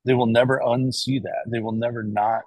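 A man's voice: medium pitch, little pitch movement, fairly quick, darkish tone, no echo, rough recording. A middle-aged American man speaking as an interview guest, talking casually and rambling, with frequent restarts and tag questions. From United States. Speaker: guest, cardiac arrest survivor.

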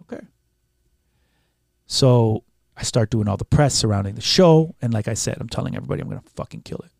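Fairly quick and gravelly in a mid-range voice, this Canadian podcast guest spins a casual tale full of quoted dialogue, cursing freely and playing out other people's lines with energy. The studio recording is clean, with no echo.

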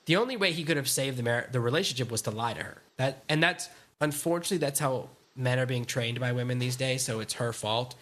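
A man's voice: medium pitch, fast, hardly any pauses, a bit bright. A middle-aged man co-hosting a dating podcast, lecturing with firm opinions in casual chat. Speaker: podcast co-host.

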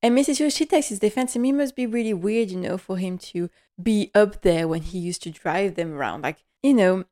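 A young woman recapping a TV episode for her vlog speaks fairly quickly in a mellow, medium-pitched voice. She gushes and chats casually, acting out dialogue and laughing often.

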